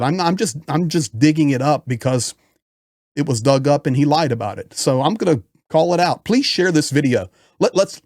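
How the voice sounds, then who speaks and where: A man's voice: on the high side, darkish tone, dry recording. Guy ranting on his channel, emphatic and fed up, dry close sound. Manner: frustrated, emphatic. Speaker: political commentator. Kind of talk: impassioned video commentary.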